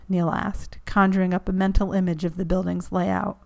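A woman narrating a story as an audiobook, reading in a steady, even way. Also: lowish voice, moderate pace, gravelly, hardly any pauses.

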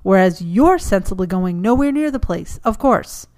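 A woman's voice: mid-range voice, lively intonation, normal speed, a little mellow, dry recording, studio quality, natural voice. A woman voicing a male con man working as an FBI consultant, who sounds anxious and pleading.

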